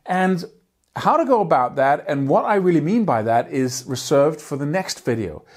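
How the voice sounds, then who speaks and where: A man's voice: on the high side, animated, normal speed. A man teaching guitar picking in a video lesson, talking energetically and emphatically and singing out rhythms with syllables.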